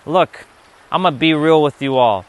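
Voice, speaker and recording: A man's voice: fairly high pitch, measured pace. A man giving a motivational livestream talk, emphatic and profane, often repeating himself. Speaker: livestream speaker.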